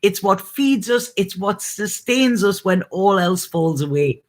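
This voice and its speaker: A woman's voice: mid-range voice, expressive, a little slow. Earnest woman tarot reader, live stream. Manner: earnest and emphatic, laughs easily, drops a swear now and then. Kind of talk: casual spiritual live-stream talk.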